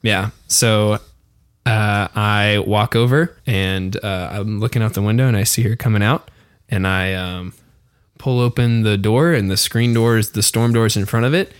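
A man co-hosting a podcast, slowly narrating his scene in a tabletop game with hesitant pauses. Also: fairly low pitch, clean tone, no room sound, studio quality. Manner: hesitant, drawn-out narration with fillers. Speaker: podcast co-host, game player.

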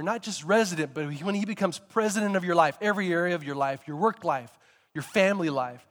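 Man, sermon, storytelling preacher, higher voice, long echo of a church hall. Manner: storytelling preacher, rising to emphatic shouts. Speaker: pastor.

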